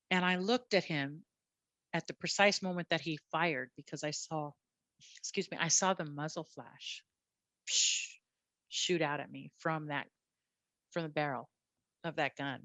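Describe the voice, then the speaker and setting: A woman police officer telling her story as a guest, animated and blunt, often repeating her words. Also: low voice, no echo. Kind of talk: candid personal storytelling.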